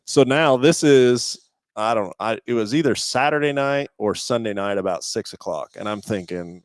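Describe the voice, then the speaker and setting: A man's voice: medium pitch, moderate pace, clear, resonant tone, dry recording. A man co-hosting a live auto show, telling a rambling, folksy road-trip story in casual chat.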